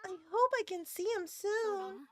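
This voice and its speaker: A woman voicing a small curious child in a game, asking innocent questions in a sweet, high voice. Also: measured pace, a bit bright, no echo, soft background music.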